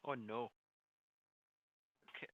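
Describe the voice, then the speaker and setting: A woman player in a tabletop game, making quick asides and worried remarks. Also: highs cut off. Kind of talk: casual tabletop game chat.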